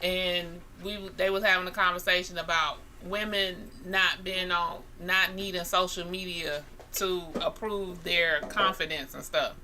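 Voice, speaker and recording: A woman co-host on a casual talk radio show, with a bright, ringing voice. She is animated and keeps talking over the others, with the odd curse word thrown in. A faint hum of room noise sits under her. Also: lowish voice, a little slow, hardly any pauses. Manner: animated, talks over others, mild swearing. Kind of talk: casual chat.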